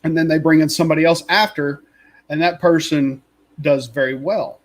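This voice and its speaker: Rambling, opinionated man with a slightly high voice. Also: steady tone, moderate pace, low-quality recording. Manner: rambling, opinionated, frequent fillers and laughs. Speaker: podcast co-host. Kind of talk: casual fan chat.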